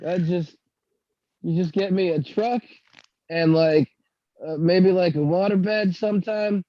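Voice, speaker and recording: A man's voice: high voice, takes it slowly, no room sound, voice pushed down. A man putting on a folksy, grumpy country man who drawls and calls people partner, over a lo-fi call. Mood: grumbling.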